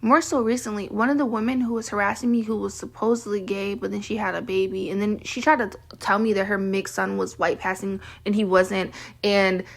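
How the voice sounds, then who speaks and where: A woman's voice: mid-range voice, steady tone, brisk, vocal fry. A young woman in casual storytime, venting in an exasperated way and using "like" a lot. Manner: exasperated, heavy use of "like". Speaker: vlogger.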